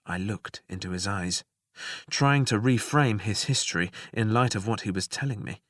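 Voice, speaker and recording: A man reading a story aloud as a first-person narrator in a slow, restrained, scripted way. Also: lowish voice, a bit bright, no room sound, studio quality. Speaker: audiobook narrator.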